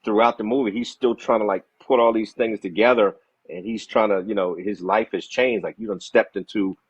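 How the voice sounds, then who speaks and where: Deep, husky man on dull lo-fi audio. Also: a little fast, dry recording. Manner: animated, slangy, repeats "you know what I'm saying". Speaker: podcast co-host. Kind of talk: casual movie review chat.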